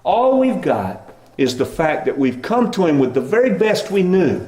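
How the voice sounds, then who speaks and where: A middle-aged man preaching a sermon as pastor, in a relaxed conversational storytelling manner. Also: high-pitched, a little slow. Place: church sanctuary. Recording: echoey church room.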